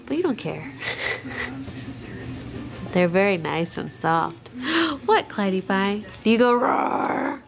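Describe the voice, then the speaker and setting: A young woman, a mother filming her babies at home on a handheld camera, talks to them in gentle, cooing baby talk. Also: medium pitch, expressive, slow, creaky, long pauses. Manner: sing-song, cooing, gentle. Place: home living room.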